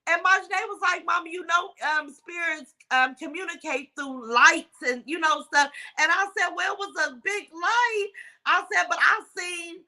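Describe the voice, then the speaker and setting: Older woman, casual livestream chat, high voice, real bright and lively storytelling. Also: moderate pace, low-quality recording. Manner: animated storytelling, swears, laughs often. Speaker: livestream host.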